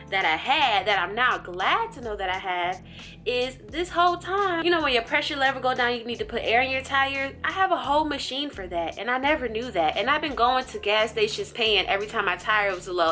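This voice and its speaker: Woman vlogger, bright clear voice, animated storyteller, faint music underneath. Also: brisk. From USA. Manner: animated, jumps high in pitch when acting out her own thoughts. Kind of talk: casual vlog storytelling.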